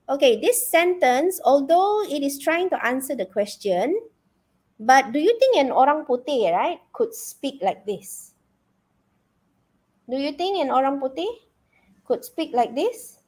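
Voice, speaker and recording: A woman's voice: sits high, a little slow. A woman with a Malaysian English accent teaching a live online exam-prep lesson, coaxing her students with frequent questions. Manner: animated, coaxing, asks the class questions.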